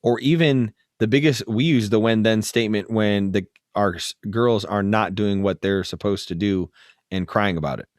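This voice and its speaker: A man's voice: on the low side, normal speed, dry recording, clean studio sound. A man co-hosting a podcast in casual chat, mostly chiming in with short agreement. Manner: brief agreeing interjections. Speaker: podcast co-host.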